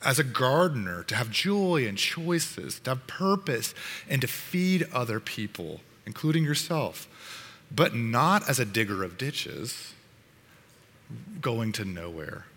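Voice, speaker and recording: A man's voice: medium pitch, very animated, slow, a bit bright, slightly rough, in a large hall, exaggerated voice. A man voicing a friendly older child. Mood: reassuring. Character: older child named Paul, friendly and reassuring.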